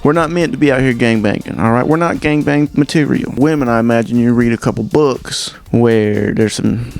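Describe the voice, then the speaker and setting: A man doing stand-up comedy, his voice gravelly with a rough edge. He rambles through stories in an incredulous, animated way, with faint music playing underneath. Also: mid-range voice, moderate pace.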